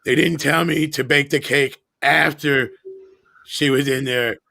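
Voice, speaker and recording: A man's voice: mid-range voice, steady tone, measured pace, creaky, sharp tone. A man on a livestream panel, trading crude teasing jokes and laughing at his own bits. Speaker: guest on the stream panel. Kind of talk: crude joking banter.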